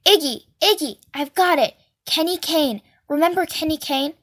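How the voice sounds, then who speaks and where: Casting: rough chatty chain-smoking woman, high voice, read by a woman. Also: moderate pace, lightly acted.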